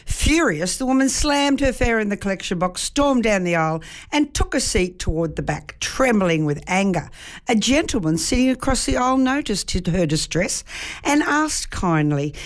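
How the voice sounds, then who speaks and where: A woman radio host telling a joke in a lively storytelling way, slowing down for effect. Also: mid-range voice.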